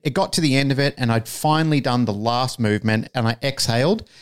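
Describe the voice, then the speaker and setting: A podcast co-host with a smooth, mid-range voice talks briskly, telling a story casually and animatedly, swearing freely and acting out the lines he quotes.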